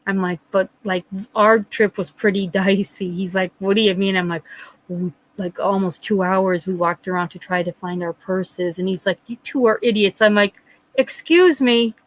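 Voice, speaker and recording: A woman's voice: mid-range voice, steady tone, moderate pace, rough recording. A middle-aged woman hosting a live stream, telling a rambling story with acted-out quotes and chatting with viewers. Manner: rambling storyteller, acts out quotes, frequent laughs. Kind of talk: casual chat with live chat viewers.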